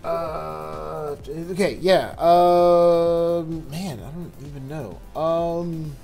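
Very slow, low-voiced woman player. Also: fairly even intonation, vocal fry, dark tone, faint music behind, rough recording. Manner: laughs often, hesitant with "um"s. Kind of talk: casual chat among players.

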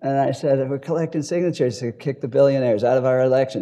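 A man speaking on a panel discussion in a hotel ballroom, an animated storyteller with quick asides and chuckles. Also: mid-range voice. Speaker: panelist, advocacy group leader.

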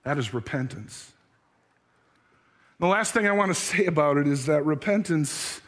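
A man's voice: fairly high pitch, fairly bright tone. Earnest man preaching a sermon. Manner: earnest, searching questions to the congregation; tells a story with acted voices. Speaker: pastor.

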